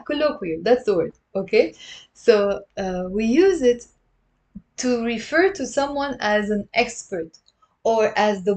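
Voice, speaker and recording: A Lebanese woman teaches Arabic in a live online lesson, her voice a little high and a little mellow. Patient and friendly with her viewers, she repeats words for them.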